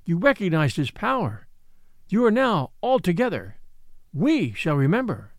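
A man voicing a merry, passionate young woman who cries out excitedly, in an English accent, in an audiobook reading. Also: fairly low pitch, measured pace, dry recording, clean studio sound.

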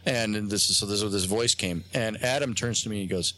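A man, a guest on a talk show, tells a long story in a halting way, with many fillers and restarts. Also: fairly low pitch, bright, forceful tone. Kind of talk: casual storytelling on a radio show. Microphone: phone line.

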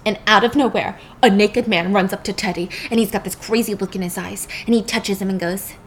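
A woman host casually retelling a film plot, animated and emphatic. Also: medium pitch, a little fast, slight background noise. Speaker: podcast host. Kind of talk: casual film recap storytelling.

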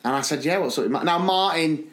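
Animated man telling a story in an echoey room. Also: a little high, fast. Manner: animated, acts out the people in his stories. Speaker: podcast co-host. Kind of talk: casual storytelling chat.

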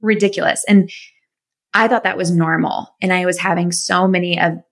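A woman's voice: lowish voice, fairly even intonation, moderate pace. A woman in her thirties, a physical therapist and fitness business owner, talking as an enthusiastic, chatty interview guest. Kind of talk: casual interview chat.

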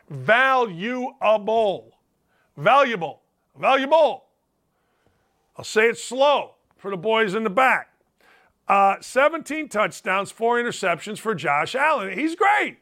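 A man hosting a sports talk show, arguing his case in an emphatic monologue. His voice sits high and bright. His pitch swings widely as he presses each point. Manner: emphatic, argumentative, mock-quotes critics in a higher voice. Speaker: sports radio host.

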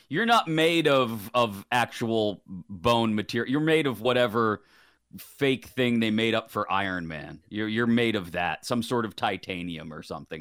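A man's voice: medium pitch, a bit bright, dry recording, clean studio sound. A man filling in as co-host, chatting casually and telling self-deprecating stories with frequent laughs. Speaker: fill-in co-host. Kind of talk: casual chat.

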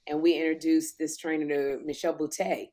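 A woman's voice: sits low, brisk. A middle-aged woman hosting a talk show, chatting casually and animatedly, acting out the voices in her stories and still a little out of breath. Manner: animated storyteller, acts out quoted voices. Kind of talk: casual chat.

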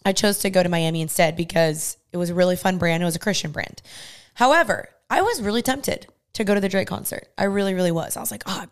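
A woman's voice: lowish voice, fast, clean tone. A young woman co-hosting a podcast, talking earnestly about faith in casual chat and acting out what others say. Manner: earnest, talks through her faith with quoted asides. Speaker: podcast co-host.

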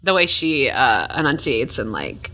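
Bright-voiced female podcast co-host. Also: a bass voice, sing-song, measured pace. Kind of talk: casual podcast chat.

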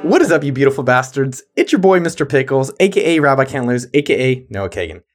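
A man's voice: mid-range voice, big pitch swings, quick pace, soft background music. A man hosting a podcast, reading a hyped, jokey show intro and plugs. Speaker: podcast host.

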